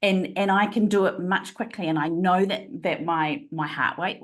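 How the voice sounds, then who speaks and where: A woman's voice: on the low side, normal speed. A woman guest on a podcast interview, telling stories expressively with frequent laughter, speaking over a remote call. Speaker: guest, leadership trainer.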